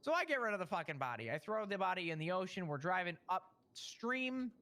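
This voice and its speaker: Bright, rambling man telling a story. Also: high voice, sing-song, brisk. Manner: rambling, profane, stammering retelling. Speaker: roleplay character telling a story. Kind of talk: in-character storytelling.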